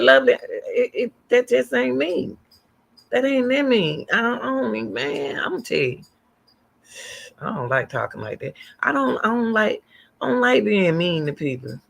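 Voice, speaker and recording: Gravelly-voiced woman chatting on a livestream. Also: on the low side, a bit bright. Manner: chatty, rambling, answers viewer comments aloud. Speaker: livestream host. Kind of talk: casual livestream commentary.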